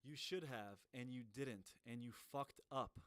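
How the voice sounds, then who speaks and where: A man's voice: medium pitch, unhurried, dry recording. A man giving reaction commentary in a profane, mocking way. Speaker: commentary streamer.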